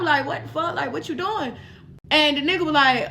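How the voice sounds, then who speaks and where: A woman's voice: sits high, fast talker, sharp tone. A young woman vlogger telling a story in casual, profane chat, full of fillers.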